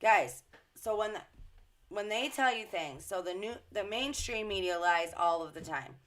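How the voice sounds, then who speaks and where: A woman on her own channel, ranting to her followers about the news with indignant emphasis and plenty of swearing. Her pitch sits in a middle range. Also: expressive, normal speed. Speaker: social media commentator. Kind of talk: casual ranting commentary.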